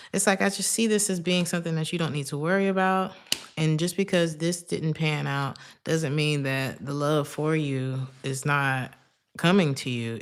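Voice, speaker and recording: A woman giving a casual tarot reading, chatty and laughing often, drifting into side stories. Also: deep voice. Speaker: tarot reader.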